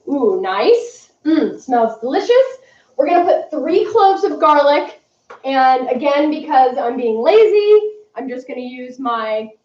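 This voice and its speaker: A high-voiced woman talks her way through a live kitchen cooking demo, chatty and a bit scattered. She sits well back from the mic in an echoey room, and the sound comes through muffled and dull. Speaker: cooking vlogger. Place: home kitchen. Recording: roomy, distant, dull mic.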